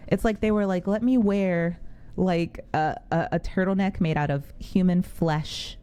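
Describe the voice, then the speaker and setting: A woman's voice: on the low side, a little slow, dark tone, smooth. A woman streamer giving chatty, jumpy commentary while playing a horror game and talking back to its characters. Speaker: gaming streamer. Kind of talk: casual let's-play commentary.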